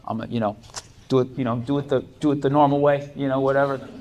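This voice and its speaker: A man's voice: medium pitch, a little fast. A man performing a stand-up comedy set, telling stories animatedly and laughing often. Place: comedy club stage.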